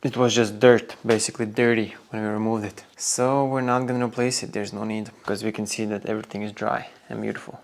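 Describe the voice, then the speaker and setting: A man's voice: on the low side, flat delivery, fairly quick, gravelly, hardly any pauses. Man explaining car repairs in a garage. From Norway. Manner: explains each step while working. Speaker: car restoration video host. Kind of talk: casual workshop narration. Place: garage workshop.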